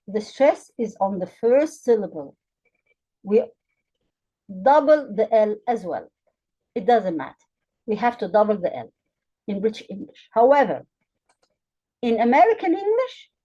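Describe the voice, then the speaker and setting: Slow, careful female English teacher. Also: a little high, mellow, muffled recording. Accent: Arabic. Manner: spells out letters and repeats example words slowly and clearly. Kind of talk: slow, deliberate grammar lesson for learners.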